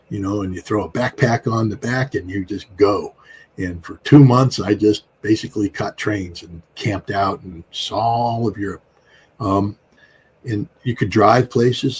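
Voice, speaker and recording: A man's voice: lowish voice, slight background noise, poor audio. An American man in his sixties, speaking as an interview guest in a rambling, emphatic way with frequent fillers. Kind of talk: casual interview talk.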